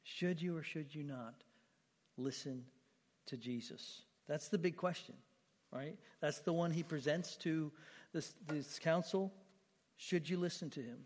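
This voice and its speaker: A fairly high-voiced male pastor delivers a sermon with real emphasis. He often repeats himself and swings from loud, lifted phrases down to soft, low asides. The sound carries a long reverb from a large hall. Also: unhurried.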